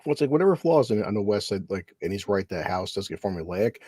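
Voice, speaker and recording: A laid-back man chatting over a film with friends. His voice is mellow and a bit husky, and it still rises and falls a lot. He swears and laughs freely, recorded close and dry. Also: on the low side, big pitch swings, fast talker, no echo. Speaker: podcast co-host. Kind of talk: casual movie-watching chat.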